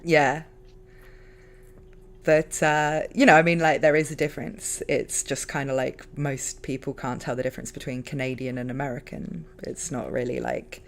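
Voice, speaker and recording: A woman with a London accent, hosting a casual stream chat, talkative and quick to laugh. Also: a bass voice, little pitch movement, gravelly, slight background noise. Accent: London English. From London, England. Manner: chatty, laughs often, many fillers. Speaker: streamer host.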